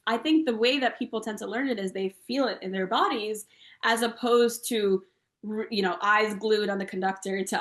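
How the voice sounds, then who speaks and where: A woman composer and singer talks through her music in a relaxed interview, chanting rhythm syllables and counting beats out loud. She speaks over a video call from a room with a noticeable echo. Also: on the high side. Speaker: guest composer and Carnatic singer. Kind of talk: conversational interview explanation. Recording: roomy echo.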